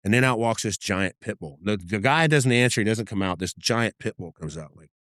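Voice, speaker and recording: A man's voice: on the low side, expressive, fairly quick, a bit bright, no echo, clean studio sound. A middle-aged man, a podcast guest and former undercover agent, telling vivid, profane stories in casual talk and acting out what people said. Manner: vivid, profane anecdote-telling that acts out dialogue. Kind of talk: casual storytelling interview.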